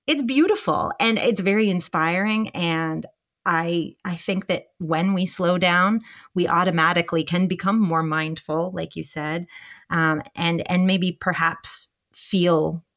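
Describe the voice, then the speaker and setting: Woman, 30s, podcast co-host; slightly low voice, calm reflective delivery, frequent fillers. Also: measured pace. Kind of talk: casual podcast chat.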